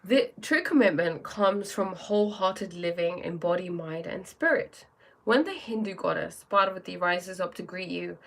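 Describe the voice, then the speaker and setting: Often starting her sentences over, a fairly low-pitched woman runs a casual live stream. She greets viewers by name and reads out oracle cards as she chats.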